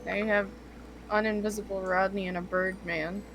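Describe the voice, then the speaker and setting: A woman's voice: medium pitch, flat delivery, moderate pace, a bit bright, slight background noise. Blunt rules-savvy woman at a tabletop game. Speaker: player. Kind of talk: casual tabletop game chat.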